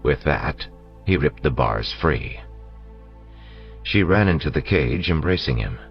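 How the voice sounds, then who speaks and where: A man narrating an audiobook in a steady storytelling manner, on a dull lo-fi recording with faint music. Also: rumbling low, a little slow, gravelly. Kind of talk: scripted narration.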